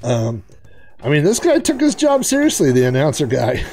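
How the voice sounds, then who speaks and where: A man hosting a retro gaming video, giving casual, excitable gameplay commentary and chatting to the players on screen. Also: fairly high pitch, moderate pace, faint music behind.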